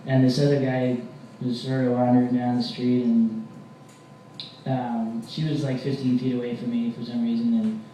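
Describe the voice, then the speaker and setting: A young man doing a stand-up comedy set, telling rambling deadpan stories with mock-angry rants. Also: mid-range voice, normal speed. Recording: very echoey room, distant mic, faint hiss.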